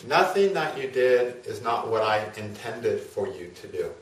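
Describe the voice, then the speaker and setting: A man speaking as a calm all-knowing god. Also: fairly low pitch, measured pace. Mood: serene. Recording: roomy, from a distance.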